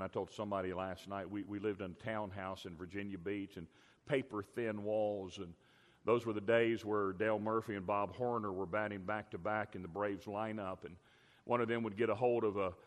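An older man preaching a sermon as a pastor, emphatic, drawing out key words slowly. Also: on the low side. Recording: long hall reverb.

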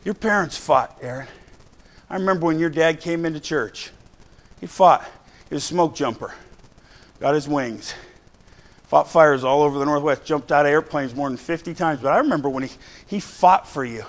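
A middle-aged man preaching a fiery sermon, exhorting the crowd with repeated lines and sudden bursts of shouting. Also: fairly high pitch, normal speed, long pauses. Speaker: pastor.

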